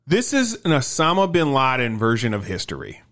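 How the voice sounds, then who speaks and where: A man's voice: mid-range voice, huge pitch swings, fairly quick, a bit bright. A man co-hosting a casual podcast chat, enthusiastic and profane, often stumbling and restarting. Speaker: podcast co-host.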